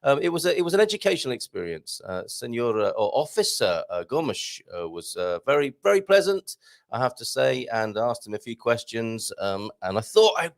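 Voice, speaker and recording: A hoarse man hosting a live morning show, chatting and joking in a rambling way. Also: mid-range voice, big pitch swings, normal speed. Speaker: host. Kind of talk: casual live-stream chat.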